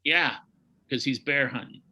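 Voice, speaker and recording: A man, a boxing historian, telling animated anecdotes in a casual chat and acting out the quotes. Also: medium pitch, unhurried, rough recording.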